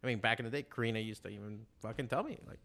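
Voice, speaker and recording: A middle-aged comic artist who runs an art shop talks casually and profanely about passion and drawing on a podcast, an animated storyteller. His voice is lowish and gravelly, and he races along.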